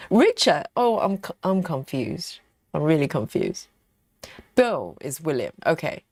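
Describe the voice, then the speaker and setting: Slow, lively chatty British woman. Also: sits low, husky, no room sound, clean studio sound. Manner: chatty, laughs often, muses aloud. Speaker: livestream host reading viewer chat. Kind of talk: casual live chat while cross-stitching.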